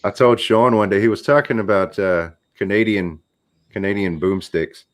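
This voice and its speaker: A man with a southwest Louisiana accent speaks as a guest in a casual interview. His voice sits low, and he explains things in a friendly, easygoing way. He comes across as relaxed and conversational. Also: moderate pace.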